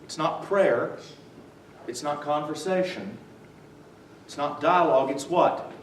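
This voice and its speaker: A man's voice: a little high, slow pace. A man giving a church adult-education lecture, quizzing his live audience with "what?" prompts and chuckling through his stories. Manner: chuckles while telling stories. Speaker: visiting lecturer on the New Testament. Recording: echoey room from far off, faint noise.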